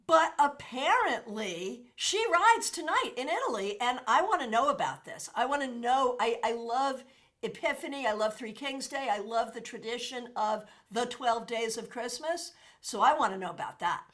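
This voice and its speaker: A woman hosting a casual livestream, chatting with her viewers and thanking them by name. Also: normal speed. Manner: animated, with sudden jumps in pitch and loudness. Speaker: tarot reader and livestream host.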